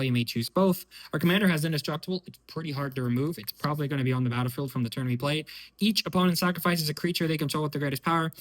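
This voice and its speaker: A man walking through his card game deck, thinking aloud in a relaxed way with small fillers and self-corrections. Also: a little high, poor audio. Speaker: deck tech host. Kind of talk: casual card-by-card explanation.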